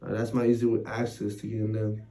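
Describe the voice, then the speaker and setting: A man's voice: on the low side, monotone, fast, creaky, warm tone, recorded from a distance, low-quality recording. Slangy man telling scary stories. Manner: rambling, heavy slang and swearing. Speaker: podcast co-host. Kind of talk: casual storytelling chat.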